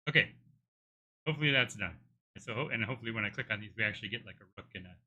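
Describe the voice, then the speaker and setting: A man's voice: on the low side, animated, rapid-fire, bright, forceful tone, breathy edge. A middle-aged man with a tired throat, live coding and thinking aloud, hesitant with many restarts. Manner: hesitant, many restarts while working things out. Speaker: game developer streaming live.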